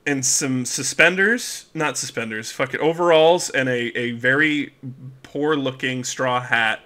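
A man's voice: mid-range voice, measured pace, pushed and bright. A man narrating as game master of a tabletop game, rambling and laughing with many restarts.

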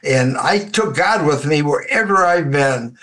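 A man in a Bible study group who also coaches, chatting casually and a bit haltingly. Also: a little high, animated, a bit bright. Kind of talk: casual chat.

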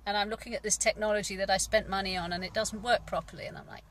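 English woman gardener, middle-aged, for a candid rambling monologue; bright timbre. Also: medium pitch, fairly even intonation, quick pace, few pauses. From England. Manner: rambling, frank, sighing, swears. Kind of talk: casual personal vlog monologue.

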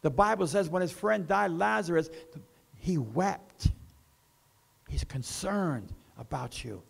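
A man preaching a sermon as pastor, with slow emphasis that rises and falls. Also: fairly high pitch, lively intonation, creaky, breathy edge.

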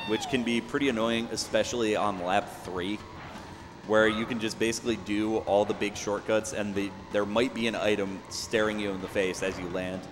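A young man with a lowish voice talks through his speedrun in a relaxed, explanatory way. He fills pauses with ums and uhs as he plays. His voice carries a long reverb, with faint noise behind it. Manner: relaxed, explanatory, many fillers. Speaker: speedrunner commentating his run. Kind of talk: casual live commentary. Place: event venue.

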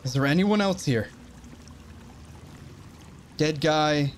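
A gaming channel host moves slowly through his survival horror let's play, his voice on the high side over a little hiss or hum. He is jumpy, often startled into frightened exclamations, and mutters to himself.

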